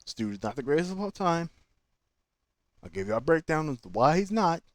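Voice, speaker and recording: A man hosting his own channel, giving opinionated, animated fan commentary in slangy casual speech. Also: fairly high pitch, a little fast, no echo. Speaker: channel host.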